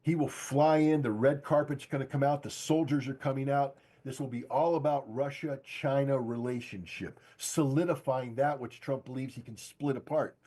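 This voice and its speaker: An older man giving forceful, insistent political commentary as a guest, hammering home his points by repeating them. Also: mid-range voice, moderate pace, hardly any pauses. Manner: emphatic, insistent, repeats key phrases. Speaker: guest analyst. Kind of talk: political commentary on a podcast stream.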